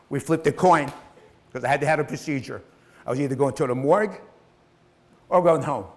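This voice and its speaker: A middle-aged man speaks on stage in a motivational talk, with a voice pitched a little above the usual. He is blunt and swears freely, and he acts out the lines of the people in his story.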